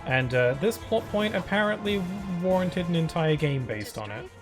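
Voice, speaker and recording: A man's voice: fairly high pitch, lively intonation, normal speed. A young man giving casual, rambling commentary while playing a game on stream, talking into a desk microphone. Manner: rambling, easygoing, many fillers. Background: game music.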